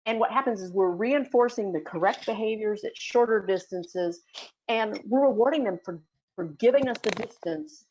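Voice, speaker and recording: A woman's voice: medium pitch, moderate pace, a little mellow, highs cut off, a little hiss or hum. A woman giving a casual talk as a dog sport instructor, chatty, with many fillers and restarts. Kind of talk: casual teaching talk in an audio chat room.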